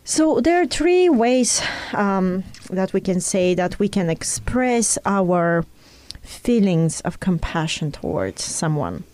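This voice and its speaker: A woman talks through ideas with an earnest, explanatory tone, using her own experiences as examples. Her voice is mellow and soft-edged. The sound is dry and close, with no room around it. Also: fairly low pitch, no room sound. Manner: earnest, teaching tone with personal examples. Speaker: speaker in a conversation.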